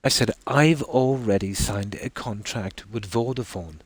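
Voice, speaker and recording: Irish male streamer, low voice, rambling anecdote style, dry close sound. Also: measured pace, breathy edge, no echo. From Ireland. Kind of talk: casual storytelling while streaming.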